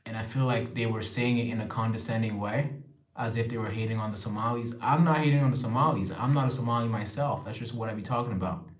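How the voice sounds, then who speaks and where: A man's voice: fairly low pitch, fast talker. Young man chatting on a livestream, echoey room. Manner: chatty, reads viewer comments aloud and replies. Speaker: livestream host. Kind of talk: casual live-stream chat.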